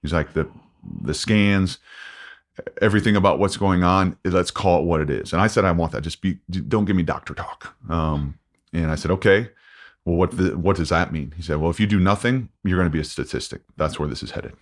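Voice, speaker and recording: Deep-voiced man recounting, halting. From United States. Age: 40s. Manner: halting, many restarts and fillers, quoting himself. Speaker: podcast guest. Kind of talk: candid interview.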